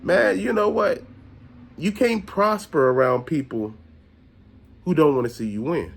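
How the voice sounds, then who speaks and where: A man's voice: on the high side, animated, measured pace, gravelly. A man hosting his own channel, delivering a blunt, profane, preachy rant straight to viewers. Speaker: host. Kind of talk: ranting monologue.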